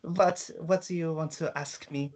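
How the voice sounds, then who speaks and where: Campy show-off character played by a man, boastful and sassy, pitched a little high. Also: fairly even intonation, measured pace, lo-fi sound, natural voice. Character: flamboyant male character Bruno with a put-on accent.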